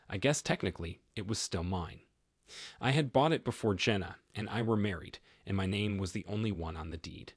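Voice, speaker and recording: A man's voice: low-pitched, husky, no room sound, clean studio sound. A man narrating a first-person story in a plain, matter-of-fact way.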